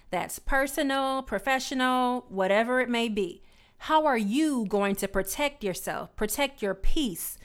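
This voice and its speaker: A woman giving a sassy, emphatic motivational pep talk as a podcast host. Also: medium pitch. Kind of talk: motivational monologue.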